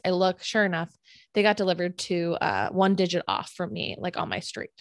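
A young woman co-hosting a podcast, telling a story in a casual, animated way, full of fillers and acted-out quotes. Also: fairly low pitch, brisk, dry recording. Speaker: podcast co-host.

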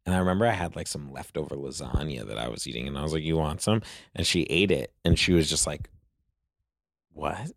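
A man's voice: rumbling low, fast talker, creaky, dry recording, clean studio sound. A man, a guest on an interview show, telling casual stories in a rambling way full of "like" fillers.

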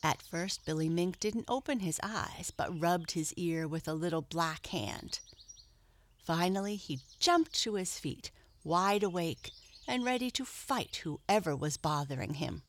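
Woman narrator, gentle storybook read, slow, slightly low pitch. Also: lively intonation.

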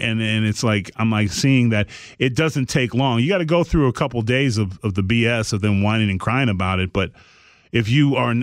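A man's voice: medium pitch, no room sound. Blunt plainspoken man, dry sound. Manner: blunt, plainspoken tough-love talk. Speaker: podcast co-host. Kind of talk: casual podcast chat.

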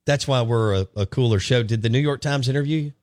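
A man's voice: medium pitch, fast talker, no room sound. A man hosting a radio show, chatting with a guest and closing with promo-style plugs. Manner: friendly, promo-style wrap-ups. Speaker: radio sports show host. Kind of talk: casual radio interview.

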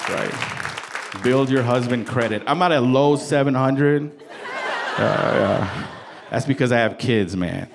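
A man in his thirties works a stand-up set in an easy, conversational way, tossing off playful punchlines and short impressions of his family. Loud audience laughter and live room noise fill the space around his voice. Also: medium pitch, vocal fry, over a noisy crowd. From Salvadoran heritage. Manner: conversational, playful punchlines, acts out wife and kids in quick quoted voices. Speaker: stand-up comedian. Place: comedy stage before a live audience.

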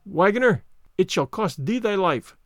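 Storybook sparrow, small and vengeful, taunting sing-song lines, high and lively, read by a man. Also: moderate pace, no room sound, studio quality. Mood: menacing. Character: mocking vengeful little sparrow.

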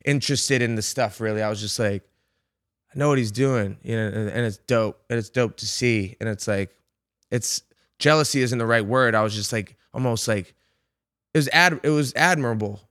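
A man in a casual podcast conversation, reflecting haltingly, searching for words and swearing casually. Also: medium pitch, fairly bright tone, no room sound, studio quality.

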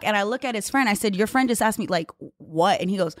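A woman in her thirties, a podcast co-host, telling a story in casual chat, brash and animated, swearing freely. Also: mid-range voice, a little fast, few pauses, dry recording, studio quality.

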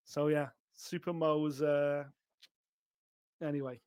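Man, high voice, excitable podcast co-host. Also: takes it slowly, smooth. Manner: chatty, excitable, swearing. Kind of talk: casual chat.

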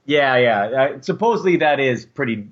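A man co-hosts a podcast in relaxed chat, slipping in dry, teasing remarks. His voice sits at a middling pitch. The audio is dull and lo-fi, lacking highs. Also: normal speed. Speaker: podcast co-host. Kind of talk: casual chat.

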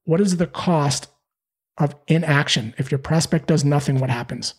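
A man with a fairly high, husky voice talks through sales advice. He is animated and slips into playful voices when he acts out calls. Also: moderate pace. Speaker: sales trainer. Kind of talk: podcast interview answers.

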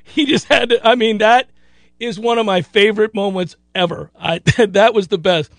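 A man hosting a sports radio show, telling a story with lots of laughter and loud acted-out quotes. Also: high-pitched, moderate pace, vocal fry, dry recording. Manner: animated, laughs often, acts out quotes loudly.

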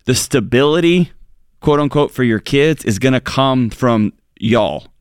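A man's voice: mid-range voice, animated, a little slow, clean tone, dry recording. A man co-hosts a studio advice show. He speaks earnestly and hammers home his points, then slips into joking banter. His voice sits close and dry on the mic, with no room sound. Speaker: radio show co-host. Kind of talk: advice talk show chat.

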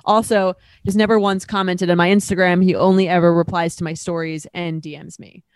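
A woman's voice: fairly low pitch, flat delivery, brisk, clear, resonant tone, dry recording. Chatty woman podcast co-host. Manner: chatty, lots of "like" fillers. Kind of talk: casual chat and reading aloud.

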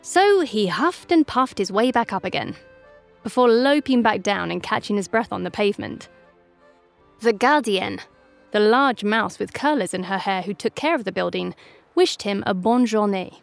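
A woman narrating a children's story in a playful, lively reading voice. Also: mid-range voice, moderate pace, gravelly, faint music behind.

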